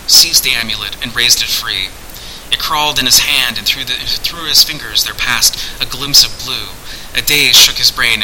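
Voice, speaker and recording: A man reads a fantasy tale in a measured, dramatic audiobook style. His voice sits at a middle pitch but sounds very bright. A faint hiss runs under the recording. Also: rough recording. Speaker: narrator.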